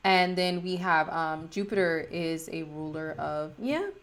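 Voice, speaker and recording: A woman's voice: low voice, measured pace, fairly bright tone. A woman astrologer talking casually and chattily, with slang and frequent laughs.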